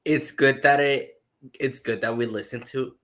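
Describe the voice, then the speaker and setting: Casual podcast co-host, man, bright voice, laid-back. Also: medium pitch, a little slow. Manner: relaxed, hesitant, casual.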